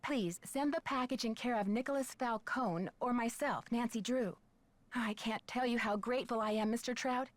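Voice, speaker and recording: Actress as a brisk, wry teen sleuth in a game, slightly high voice. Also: female voice, no room sound, lightly acted. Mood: confident. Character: plucky young woman detective, sharp-tongued. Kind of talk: video game voice acting.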